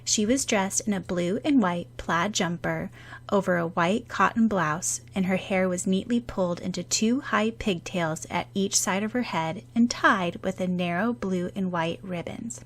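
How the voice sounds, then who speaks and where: A woman narrating a fan-fiction audiobook in an even, steady storytelling way. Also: mid-range voice, measured pace.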